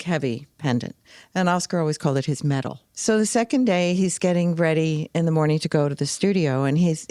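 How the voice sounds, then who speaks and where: An older woman with a low voice tells stories in relaxed conversation and acts out the people in them with lively voices. The sound is close and dry, with no room around it. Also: no echo. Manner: animated storyteller, acts out quoted voices. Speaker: podcast guest. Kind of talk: storytelling in casual conversation.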